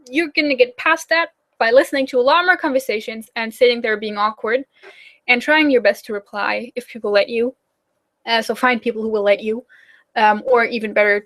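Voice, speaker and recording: A young woman with a German accent chats through viewer questions in a loose, rambling way. Her voice sits a touch high. She fills gaps with ums and likes and breaks into quick laughs. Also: fairly bright tone. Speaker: German-teaching YouTuber hosting a live Q&A. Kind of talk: casual live chat answering viewer questions.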